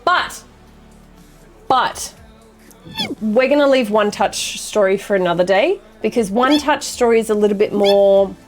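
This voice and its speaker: A young adult woman streamer chatting casually with her viewers, swearing freely and apologizing quickly. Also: medium pitch, soft background music. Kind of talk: casual chat reading viewer messages.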